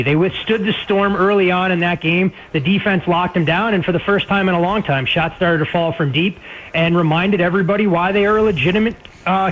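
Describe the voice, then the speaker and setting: A man with a nasal voice, a weekly guest analyst breaking down sports betting markets on talk radio. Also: sits high. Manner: fast, detailed analytical talk. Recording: dull lo-fi line with faint noise.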